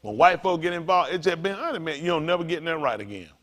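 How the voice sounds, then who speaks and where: Animated high-pitched pastor, loose and slangy. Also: male voice, fast talker. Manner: animated, slangy, laughs through a funny story. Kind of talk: informal sermon teaching with storytelling.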